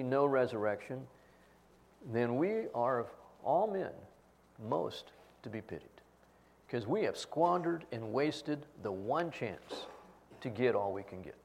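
A pastor preaches in an earnest, personal way and speaks at a medium pitch. He tells his stories with feeling and acts out the quoted lines. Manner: earnest storytelling with acted quotes. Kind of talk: sermon.

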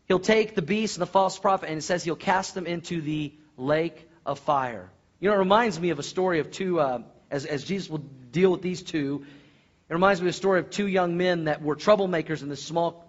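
A man preaches with earnest conviction, breaking into animated storytelling and asking the congregation questions. His voice sits a little high for a man. The recording is dull and lo-fi. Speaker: pastor. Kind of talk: sermon.

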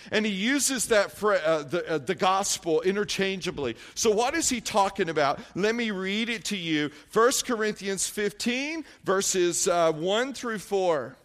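A man's voice: high-pitched, fairly bright tone. A middle-aged man, preaching a sermon, telling a story conversationally with fillers and restarts before building to emphatic exhortation. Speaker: pastor.

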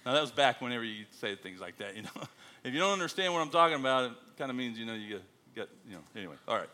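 A man's voice: medium pitch, rapid-fire, a little hiss or hum. A middle-aged American man, a missionary, telling stories to a church congregation. He acts out the quoted lines in a joking voice. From United States. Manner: animated storyteller, acting out quotes with a jokey voice. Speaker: missionary speaker.

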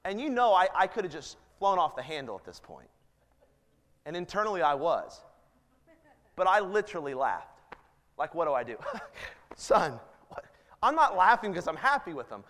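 High-voiced preacher in a reverberant hall. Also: male voice, big pitch swings, moderate pace, long pauses, fairly bright tone. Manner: earnest, rising to emphatic appeals. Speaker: pastor. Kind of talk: sermon.

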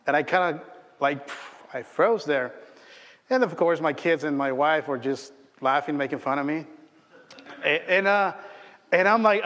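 A man's voice: sits high, normal speed, a bit bright, in a large hall. A man preaching a sermon in a church, telling stories in a chatty way with many fillers and restarts. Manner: conversational storytelling with frequent fillers and restarts. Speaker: pastor.

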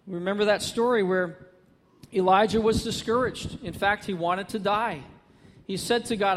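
A man's voice: sits high, fairly even intonation, normal speed, long reverb tail, slight background noise. A man preaching a sermon as pastor, earnest and building to emphatic repetition, speaking to a congregation.

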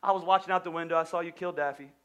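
A man preaching, voicing a kind grandmother who gently reassures her grandson. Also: fairly high pitch, steady tone, racing, natural voice. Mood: gentle.

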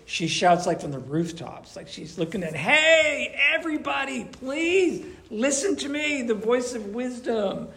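A man preaching to his congregation in a relaxed, chatty way, with a slightly raised, gravelly voice. He breaks into quick acted voices to make his points. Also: a little high. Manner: animated, conversational, acts out voices. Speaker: pastor. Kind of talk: sermon. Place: church.

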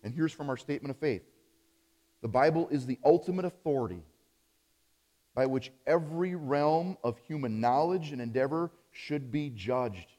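Emphatic pastor preaching in a reverberant hall. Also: male voice, normal speed. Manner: emphatic, swings between loud stresses and low dropped phrase endings. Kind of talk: sermon.

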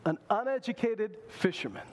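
A male pastor preaching a sermon in an animated way, acting out the voices he quotes. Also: high voice, moderate pace, a little hiss or hum.

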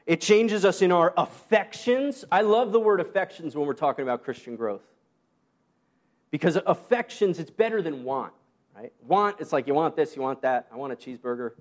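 A man preaching a sermon in a relaxed, conversational way, with joking asides and short laughs. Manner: conversational, self-deprecating asides and quick laughs; rises high when quoting Paul. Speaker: pastor.

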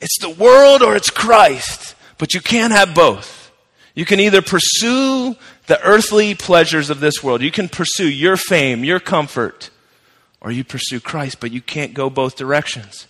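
A man putting on the voice of an older evangelist preacher, solemn and emphatic, drawing out his words in a slow preaching cadence. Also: a little high, expressive, fairly bright tone, long reverb tail.

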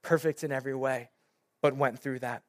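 A young man, a youth pastor, preaching a sermon in an animated storytelling way, with many casual fillers. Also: mid-range voice, fairly quick, no room sound, studio quality.

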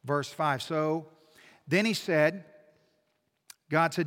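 Pastor telling stories in his sermon, kinda high voice, gets quiet then loud, long church echo. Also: takes it slowly, pauses often. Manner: animated storytelling, dropping to a hush then building loud. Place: church sanctuary. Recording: long reverb in a church hall.

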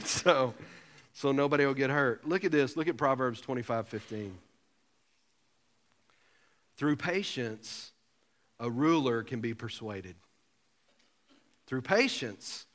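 A pastor preaching a sermon, telling a self-mocking story with humor. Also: male voice, medium pitch, fairly bright tone. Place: church sanctuary. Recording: long hall reverb.

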